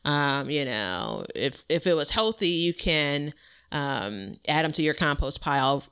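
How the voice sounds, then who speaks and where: A woman's voice: low voice, very animated, unhurried, a bit bright, clean tone. A woman hosting a gardening podcast, chatty and laughing often as she explains tips. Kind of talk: casual chat.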